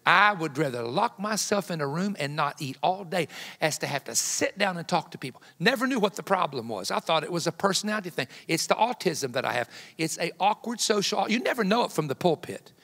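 A man in his fifties, a guest evangelist preaching a sermon with folksy, joking personal stories that build to loud emphatic peaks. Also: on the high side, big pitch swings, fairly quick, vocal fry. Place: church sanctuary. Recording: long hall reverb in a church.

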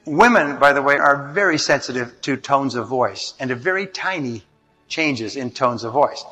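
A man giving a self-help talk as a motivational speaker, in a measured, explanatory way. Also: medium pitch, animated, bright, forceful tone, soft background music. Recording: long hall reverb.

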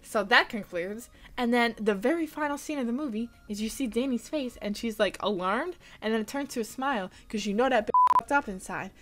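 A young woman giving an animated, casual movie recap, full of "like" and blunt, incredulous asides. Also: a little high, a little fast, hardly any pauses. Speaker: vlogger.

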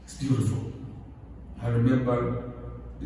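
Man preaching, animated and expressive, mid pitch, long reverb, faint room noise. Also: normal speed. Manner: animated, acts out scenes with sudden high exclamations. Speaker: guest lecturer. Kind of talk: sermon. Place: mosque hall. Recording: distant mic in a very echoey hall.

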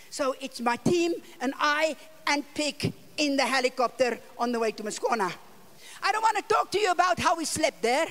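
An older woman with a South African accent tells a long mission story from the pulpit. Her voice sits high, and she acts out each line of dialogue, jumping between near-whispers and shouts. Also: moderate pace. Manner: animated storyteller, acting out dialogue with sudden loud and soft turns. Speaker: evangelist preacher. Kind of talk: storytelling sermon. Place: church conference hall.

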